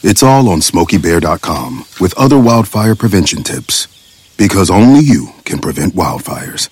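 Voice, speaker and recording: A man voicing a deep-voiced, calm male bear mascot in a scripted public service ad, with a booming voice. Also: moderate pace, husky, heavily acted. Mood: steady, instructive.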